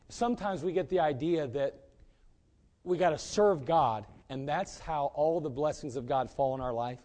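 A man preaching a sermon as pastor, emphatic and rising to loud peaks. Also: on the high side.

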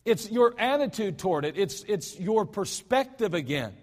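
A high-pitched American man delivers a folksy sermon, joking at his own slips and talking straight to the congregation. His voice rings with a long reverb through the sanctuary. He keeps it conversational rather than grand. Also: sing-song, normal speed, a little mellow. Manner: folksy, self-deprecating preaching with asides. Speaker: pastor. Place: church sanctuary. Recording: hall reverb.

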